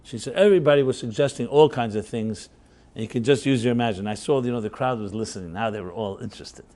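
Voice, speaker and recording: A man's voice: medium pitch, fast talker, dark tone. A man, a rabbi, telling a story to a workshop audience in a loose conversational way, full of fillers, chuckles and tag questions. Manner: anecdotal, chuckling, filler-heavy.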